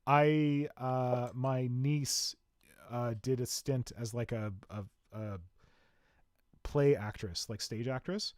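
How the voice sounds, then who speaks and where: A man in his own easygoing voice hosts a casual podcast chat, rambling and poking fun at himself. His pitch sits in the middle, and the recording is dry and close, with no room sound. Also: fairly even intonation, slow pace, smooth, no room sound. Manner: chatty, self-mocking storyteller. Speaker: podcast host.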